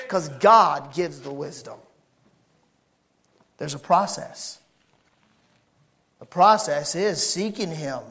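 Man, thirties, pastor, sermon, animated, joking, loud and soft swings. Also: sits high. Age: 30s. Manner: animated, swings from quiet asides to shouting; jokes with the congregation. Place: church sanctuary.

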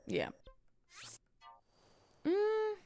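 A woman's voice: extremely high pitch, extremely slow, warm tone, slight background noise. A woman streamer giving casual let's play commentary, chatty and full of fillers, with the odd mild swear. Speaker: gaming streamer.

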